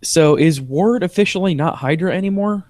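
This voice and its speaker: A man's voice: high voice, moderate pace, a little mellow, dry recording, clean studio sound. A man co-hosting a podcast, chatting casually about TV episodes and earnestly explaining plot details. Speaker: podcast co-host. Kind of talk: casual TV recap chat.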